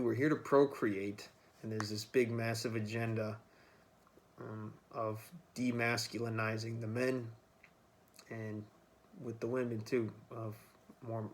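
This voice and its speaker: A man's voice: medium pitch, slight background noise. Casual, profane man rambling to camera. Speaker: vlogger.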